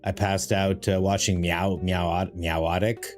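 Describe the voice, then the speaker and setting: A man chatting casually on a live stream while playing a card game, rambling and self-mocking, greeting viewers in a high sing-song voice. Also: little pitch movement, unhurried. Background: faint music.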